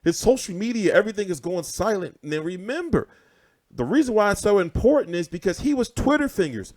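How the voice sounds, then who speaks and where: A man's voice: sits high, a little fast. A man hosting casual boxing commentary, ranting with lots of swearing and repetition. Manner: animated, profane, repeats himself.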